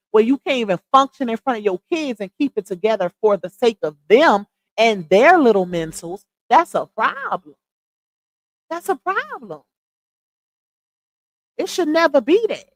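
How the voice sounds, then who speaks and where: A middle-aged woman, chatting casually with viewers on a live stream and giving her opinions in an animated, talkative way. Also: a little high, fairly quick, no room sound, poor audio. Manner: chatty, animated, addresses viewers as y'all and child. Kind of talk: casual chat commentary.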